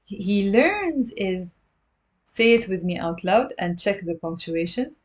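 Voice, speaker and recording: A woman's voice: medium pitch, expressive, takes it slowly. A woman giving a live-streamed language lesson to a webcam, explaining step by step, drilling pronunciation and answering viewer questions. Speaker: online Arabic teacher.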